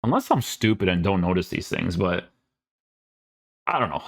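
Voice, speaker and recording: Male gamer host, deep voice, offhand sarcastic reactions while reading patch notes. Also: big pitch swings, moderate pace, creaky, breathy edge. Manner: casual, sarcastic asides, many fillers. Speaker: gaming YouTuber.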